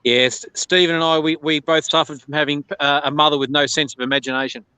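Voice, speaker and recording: An Australian man chats as a guest on a video call, relaxed and joking, restarting his sentences with repeated words. He talks fast with a bright, clear tone, and the sound is dry and close. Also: on the high side, dry recording, low-quality recording. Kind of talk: casual chat on a livestream.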